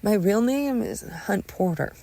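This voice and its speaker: A woman's voice: mid-range voice, animated, unhurried, mellow, no room sound, voice pushed up. A woman voicing a rattled young man who stammers and hedges in a narrated audio story. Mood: awkward. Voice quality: stammering, hesitant.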